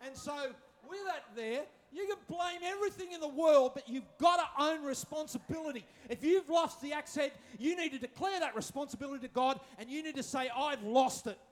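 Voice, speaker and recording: High-voiced joking preacher man. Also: fairly quick, hardly any pauses. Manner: humorous, acting out quotes, repeats phrases. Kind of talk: sermon.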